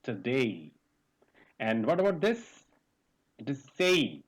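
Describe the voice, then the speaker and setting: A male teacher leads a pronunciation webinar over a video call. He moves slowly and deliberately, and his pitch swings in a lively way as he drills each vowel and spells out words letter by letter. He keeps putting questions to the class. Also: poor audio. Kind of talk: online pronunciation lesson.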